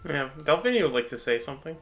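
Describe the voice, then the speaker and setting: A man's voice: a little high, very animated, fast, faint music behind. A man playing his character in a tabletop game, playful and joking. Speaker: player. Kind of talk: casual tabletop play.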